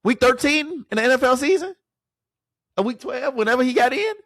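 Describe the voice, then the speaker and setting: A man's voice: very high-pitched, expressive, a little fast, a bit bright, heavily acted. A man doing an indignant young quarterback. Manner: exasperated, rhetorical questions.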